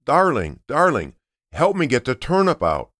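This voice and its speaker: A man's voice: medium pitch, animated, moderate pace, no echo, clean studio sound, lightly acted. A man voicing a kindly old farmer grandfather in a read-aloud storybook. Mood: calling out. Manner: calls out loudly.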